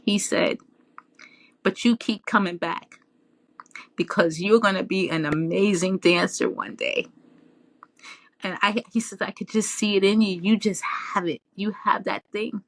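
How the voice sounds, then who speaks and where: A woman telling her story as an interview guest in a casual, animated way, often laughing and raising her voice when she quotes herself. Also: mid-range voice, unhurried, pauses often, dry recording. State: tearful at times.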